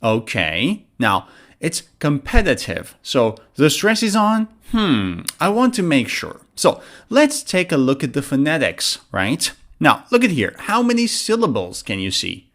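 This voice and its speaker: A man teaching an online pronunciation lesson, talking in a lively, animated way and drilling words slowly for listeners to repeat. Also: fairly high pitch.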